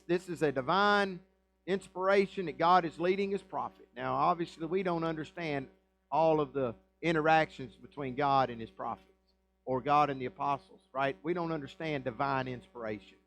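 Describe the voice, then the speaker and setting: A man preaching a sermon in a church, his voice sitting a little higher than most men's. He reads scripture aloud and then unpacks it conversationally, with plenty of rhetorical questions and asides to the congregation. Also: moderate pace, fairly bright tone, faint music behind, poor audio. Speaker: pastor.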